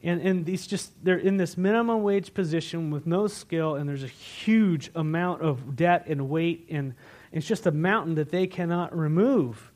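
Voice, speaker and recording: A male pastor delivering a sermon with a fairly high-pitched voice. He tells stories in a loose, conversational way, full of restarts, dropping to near-whispers and then rising to loud, emotional bursts. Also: moderate pace. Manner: conversational storytelling with many restarts, swinging from hushed to loud.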